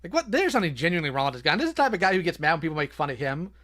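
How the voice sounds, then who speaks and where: A man's voice: on the high side, big pitch swings, very fast, fairly bright tone. A man hosting a live stream, ranting scornfully at a video clip over voice chat. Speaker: streamer host. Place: home, voice chat.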